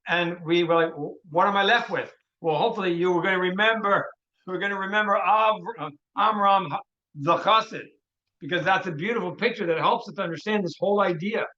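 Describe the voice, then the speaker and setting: Teaching a Torah workshop, a male rabbi talks quickly in a high voice, weaving the lesson into a lively story. He often starts phrases over and drops in Hebrew words, and the recording is dull.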